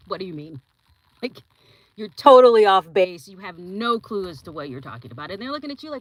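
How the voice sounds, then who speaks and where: A young woman hosting a podcast, talking casually and giving her opinions, often acting out other people's lines in quick put-on voices. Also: medium pitch, no room sound, rough recording. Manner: animated, acts out voices in quotes. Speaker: podcast host.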